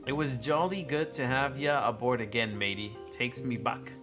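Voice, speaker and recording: A man's voice: medium pitch, normal speed, over music, natural voice. A man putting on a jolly old sea skipper. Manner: hearty pirate-like drawl with "ho ho".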